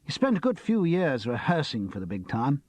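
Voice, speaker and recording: A man's voice: fairly high pitch, wildly swooping pitch, moderate pace, darkish tone, dry recording. A man voicing a nervous, theatrical young actor with a camp, lightly mocking way of talking. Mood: drawling.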